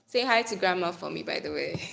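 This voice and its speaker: A young woman in Nigeria runs a casual live stream from her phone, bubbly and playful, chatting with viewers, calling them darling and swearing now and then. Her voice is lowish, gravelly and a bit bright, animated and a little fast.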